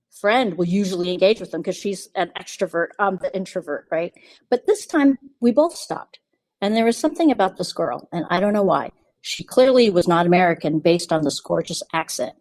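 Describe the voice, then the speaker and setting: A woman's voice: fairly low pitch, dry recording. A woman podcast host telling a personal story in a casual, confiding way, often acting out what others said. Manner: chatty, confiding, quotes others in lively asides.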